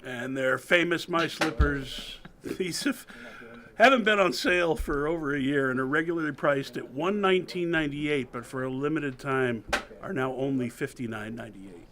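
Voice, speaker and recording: A man's voice: a little high, normal speed, a bit bright. A man from the studio crew, cheerfully reading a product ad and then thanking the host. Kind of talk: casual ad read.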